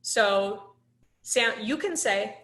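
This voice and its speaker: A woman's voice: medium pitch, lively intonation, very slow, a bit bright, echoey room. A woman instructor teaching a live online class over a laptop microphone. She talks in a conversational way, with many "um"s, and puts questions to the class.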